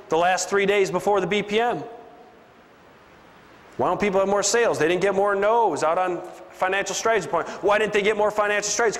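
Male seminar speaker, high voice, punchy and preachy, echoing big room. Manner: preachy, punchy, drops into a low voice for emphasis. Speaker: business speaker. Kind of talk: motivational seminar speech. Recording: long hall reverb, faint ambience.

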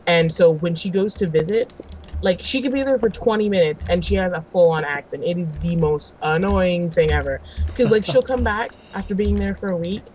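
A chatty woman from California talks through a let's-play in a loose, excitable way, gasping and laughing as she goes. Her voice sits fairly low for a woman, with a faint hiss of noise under it. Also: moderate pace, rough recording. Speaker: co-host of a gaming series. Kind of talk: casual let's-play chat.

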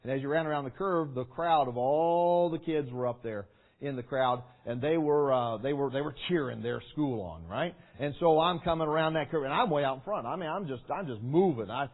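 A man preaching a sermon to young people, telling a story with lively acting, shouts and sound effects. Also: on the high side, a little fast. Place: large meeting hall. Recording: tinny phone-like sound.

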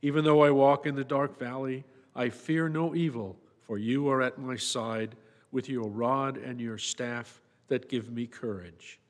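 Guy reading mass readings, formal and measured, long echo from the church. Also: medium pitch, steady tone. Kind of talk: liturgical reading and psalm.

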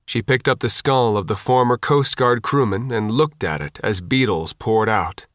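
A man narrating an audiobook in an even, measured storytelling voice. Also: lowish voice, no echo, studio quality.

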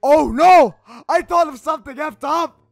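A man's voice: extremely high pitch, moderate pace, vocal fry, dry recording, faint music behind. A man reading fan fiction aloud as a casual YouTuber, cracking crude jokes, teasing and giggling between lines. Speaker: YouTuber playing Shadow the Hedgehog.

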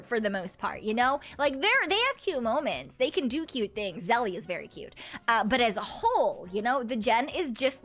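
A woman VTuber streamer chatting casually and excitedly with her viewers, swearing freely and laughing often. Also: on the high side. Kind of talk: casual livestream chat with viewers.

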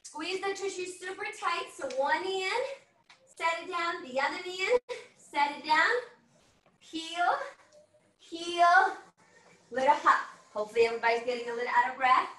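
A woman's voice: extremely high pitch, normal speed, long pauses, bright, forceful tone. A woman fitness instructor leading an online workout class, cheering and coaching while she exercises, a bit out of breath. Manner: upbeat coaching with whooping cheers. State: slightly out of breath. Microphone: laptop mic on a video call, at a distance. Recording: roomy and distant from the mic.

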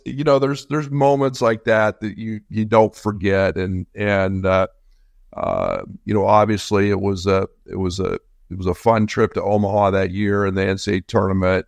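A middle-aged man, a former coach, telling a casual story in halting bursts with many restarts. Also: sits low, creaky, dry recording, clean studio sound. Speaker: former assistant coach, guest.

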